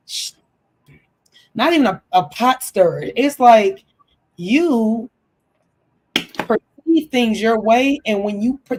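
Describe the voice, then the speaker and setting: A woman co-hosting a casual reality TV recap, talking animatedly and acting out what people said in changing voices. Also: a little high. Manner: animated, acts out quotes in shifting voices.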